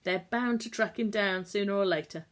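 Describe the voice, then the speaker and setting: A woman voicing a calm middle-aged country doctor who speaks in a measured, gentle way. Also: mid-range voice, natural voice.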